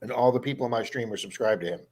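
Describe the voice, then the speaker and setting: A man's voice: medium pitch, racing, darkish tone. A man hosting a casual live stream about his day. He rambles through long stories and acts out the people in them. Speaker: live stream host, metal detectorist.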